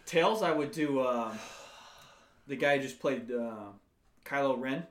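A man's voice: medium pitch, a little slow. A man co-hosting a podcast, wisecracking and profane in casual chat. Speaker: podcast co-host. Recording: echoey room.

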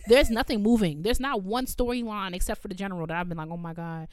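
A woman's voice: mid-range voice, quick pace, clean tone, no room sound, clean studio sound. A woman co-hosting a podcast, giving blunt, exasperated commentary in a casual chat about a novel. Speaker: podcast co-host. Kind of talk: casual book club chat.

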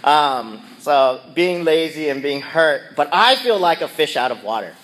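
A man's voice: on the high side, big pitch swings, measured pace, a bit bright. A middle-aged man casually telling a personal story and acting out his own yelps and quoted lines. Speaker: speaker sharing a personal reflection.

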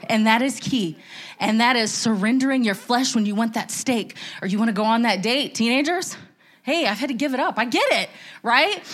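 A woman's voice: on the high side, fairly bright tone. A middle-aged woman giving a candid, emotional church testimony, rambling with restarts. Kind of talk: testimony sermon.

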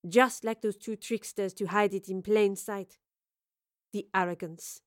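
A woman voicing a scheming, resentful woman who talks in a scornful, clipped and hushed way. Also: medium pitch, steady tone, unhurried, dry recording, clean studio sound, natural voice.

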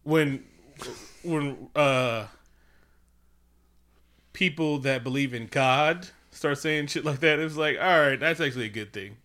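A man with a bright, forceful voice riffs through a casual comedy chat at home. He is animated and profane, and he keeps dropping into quick mocking impressions of other people. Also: mid-range voice. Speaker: podcast co-host.

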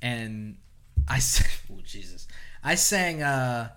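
A man's voice: mid-range voice, lively intonation, slow pace, bright, forceful tone. An American man co-hosting a podcast, chatting casually and jokingly with many fillers. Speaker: podcast co-host. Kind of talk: casual chat over beers.

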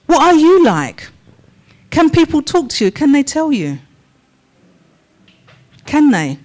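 A woman's voice: sits high, very animated, a little mellow, poor audio. A woman preaching a sermon in church, asking the congregation a run of questions. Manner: slow, measured questions to the congregation.

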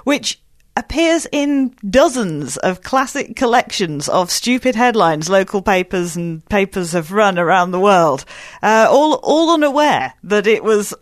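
A woman's voice: medium pitch, sing-song, unhurried, no echo, clean studio sound. A woman, a journalist guest on a podcast, explaining things in a thoughtful conversational way.

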